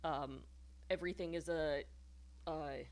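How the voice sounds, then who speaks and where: A woman talks through songwriting feedback on her stream in a slightly low voice. She rambles and explains, circling back with fillers and restarted phrases. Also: steady tone, a little slow. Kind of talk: casual livestream critique.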